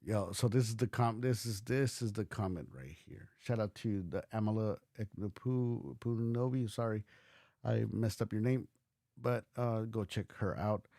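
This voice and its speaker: A man from the United States hosts a casual livestream reaction. He rambles, restarts often and swears bluntly, and his voice is mellow and warm. The sound is dry and close, with no room around it. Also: fairly low pitch, moderate pace, creaky, no echo. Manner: rambling, many restarts and fillers. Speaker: livestream host.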